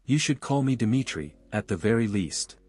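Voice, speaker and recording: A man voicing a gravelly, seductive stranger with a faint Slavic accent. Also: animated, darkish tone. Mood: teasing, seductive. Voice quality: rough, gravelly, rumbling. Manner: formal, teasing, unhurried. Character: seductive dark-haired stranger, large, gravel-voiced, amused.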